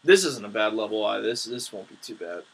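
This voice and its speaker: A young man giving casual, excitable commentary on his own gameplay, trash-talking his opponents. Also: lowish voice, fast, creaky, slight background noise, rough recording.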